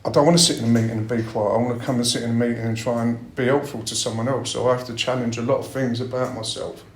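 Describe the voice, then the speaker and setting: A man's voice: medium pitch, fairly even intonation, fast talker. Blunt, swearing man in an echoey room. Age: middle-aged. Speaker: recovery meeting speaker. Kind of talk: personal share at a recovery meeting. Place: meeting room. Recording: roomy meeting-room echo.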